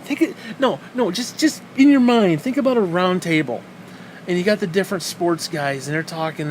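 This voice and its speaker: A high-voiced man talks at normal speed over background noise, hosting a solo podcast rant. Exasperated and sarcastic, he swears heavily and fires off mocking rhetorical questions.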